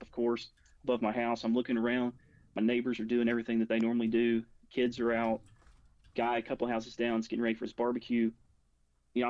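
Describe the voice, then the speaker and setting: In dull, echo-free audio, a guest with a medium-pitched, somewhat dark voice recounts something that happened to him. His casual storytelling wanders, and he keeps saying "like" and starting sentences over.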